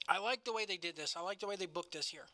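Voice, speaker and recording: A man's voice: high-pitched, fast talker, sharp tone, no echo. A man co-hosting a casual wrestling review podcast, laughing often and talking in a loose, cussing way. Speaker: podcast co-host.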